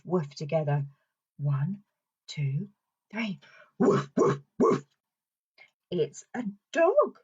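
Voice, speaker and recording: Woman, British accent, speech therapist, sing-song voice for toddlers, very lively pitch, slightly husky. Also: highs cut off. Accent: British English. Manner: sing-song, playful, slow and exaggerated for young children. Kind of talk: children's song and story session.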